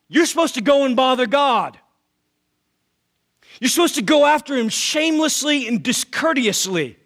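A man's voice: very high voice, lively intonation, moderate pace, a bit bright. A man preaching a sermon with emphatic rhetorical questions, often repeating words as he starts a thought. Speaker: pastor.

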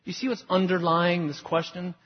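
Husky pastor in a reverberant hall. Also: male voice, sits high, little pitch movement, normal speed. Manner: self-deprecating, conversational storytelling. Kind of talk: sermon with personal stories. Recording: lo-fi recording with long hall reverb.

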